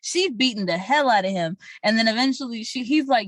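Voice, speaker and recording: A woman's voice: fairly high pitch, moderate pace, few pauses, dry recording. A woman co-hosting a podcast, retelling a movie in casual chat, acting out the characters' lines and swearing freely. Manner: animated storytelling with acted-out quotes and profanity. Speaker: podcast co-host.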